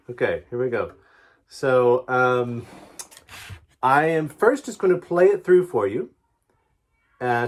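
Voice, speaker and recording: A man teaching a violin lesson, patiently explaining step by step with encouraging asides. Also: mid-range voice. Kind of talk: music lesson.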